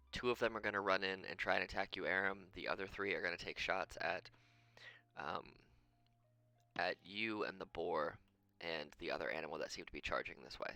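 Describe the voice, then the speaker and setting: A man's voice: low voice, vocal fry, sharp tone, no room sound. A man running a tabletop game as game master, rambling as he thinks aloud and counts out moves under his breath.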